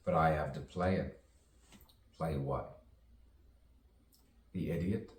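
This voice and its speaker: Extremely low in pitch and slow, this man's voice muses aloud in a rambling spoken-word soliloquy, repeating phrases to himself. The recording is echoey, from a distant mic with faint ambience.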